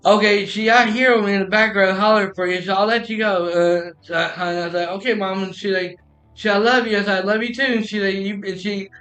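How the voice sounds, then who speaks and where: A man's voice: sits high, steady tone, a little fast, sharp tone. A man telling a personal story in a casual, rambling way, often restarting and repeating "I said.".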